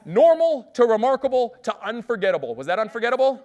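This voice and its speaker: Fast-talking, upbeat male keynote speaker. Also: very high-pitched, highs cut off. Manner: lively, asks the audience questions. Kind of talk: energetic storytelling keynote speech.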